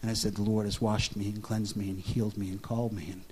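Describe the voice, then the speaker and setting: A man preaching a sermon, telling his own testimony and asking the congregation questions, swinging from loud excited storytelling to a hushed, soft confession. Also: on the low side, quick pace, husky. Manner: asks the audience questions.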